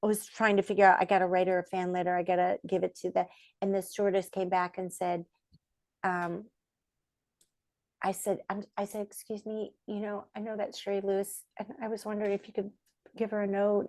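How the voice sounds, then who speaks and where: Middle-aged woman spinning stories in an interview, jumps into silly voices for quotes, dry close sound. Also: dry recording. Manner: animated, acts out quoted voices with big pitch jumps. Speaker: puppeteer and voice actress, guest. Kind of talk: storytelling in a podcast interview.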